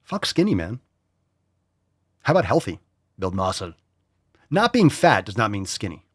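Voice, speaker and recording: A blunt, profane man holds forth as a podcast host. His pitch swings widely as he scoffs. The sound is dry and close. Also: big pitch swings, normal speed, slightly rough, no room sound. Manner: blunt, profane, mocking voices for emphasis. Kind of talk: casual opinionated chat.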